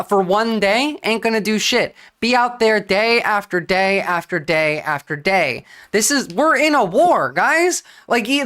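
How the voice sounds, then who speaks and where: Lady streaming, blunt and sweary, rattling off opinions, middle pitch. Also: a bit bright. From New Jersey. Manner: blunt, profane, talks fast in bursts with restarts. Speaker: livestream political commentator. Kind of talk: casual livestream commentary.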